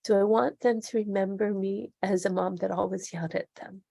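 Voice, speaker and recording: Gravelly, husky low-voiced woman. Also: steady tone, moderate pace, warm tone, no room sound, studio quality. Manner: earnest, open and reflective. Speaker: podcast guest. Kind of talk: candid interview conversation.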